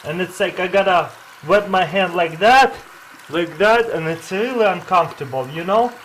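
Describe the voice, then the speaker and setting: A man with a raised, light voice walks the viewer through simple tricks in a casual how-to vlog. His English is loose and non-native, full of excitement. He breaks off to talk to his dog over a light background hiss. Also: sits high, normal speed, low-quality recording. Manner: chats to his dog while filming. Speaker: vlogger demonstrating life hacks.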